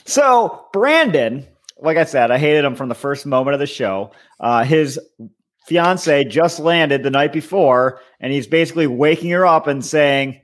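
A man co-hosting a podcast with a voice a bit higher than most men. He is blunt and casual and swears freely. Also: animated, unhurried. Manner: blunt, profane. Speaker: podcast co-host. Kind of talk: casual chat.

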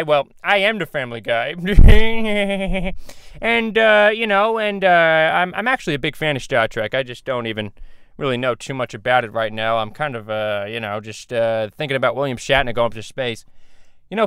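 A man voicing a crass, loudmouthed middle-aged cartoon dad, nasal and rambling, in a crude comedy monologue. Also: a little high, clear, resonant tone, no room sound. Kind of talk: fan comedy impression monologue.

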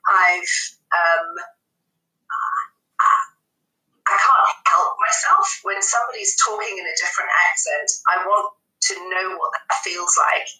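A woman's voice: on the low side, steady tone, measured pace, pushed and bright, distant mic. A woman from England, an accent and dialect coach, chatting in an interview over a phone call with many ums. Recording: echoey phone line from afar.

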